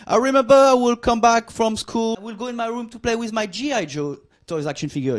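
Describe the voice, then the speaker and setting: A man's voice: very high voice, fairly quick. A man from France with a French accent, in his forties, performing a playful, mock-arrogant stand-up routine on a club stage. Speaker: stand-up comedian.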